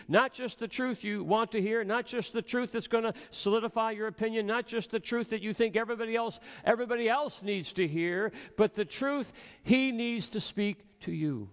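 A male pastor preaches to his congregation in a slightly high voice, earnest and rhetorical, playing out imagined replies from his listeners. His voice carries a long reverb from the church around him. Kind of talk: sermon.

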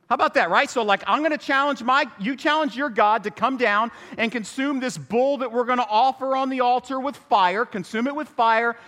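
Man, pastor, lively joking sermon, high bright voice, long church reverb. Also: normal speed. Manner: animated, joking storyteller. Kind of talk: humorous sermon. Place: church sanctuary.

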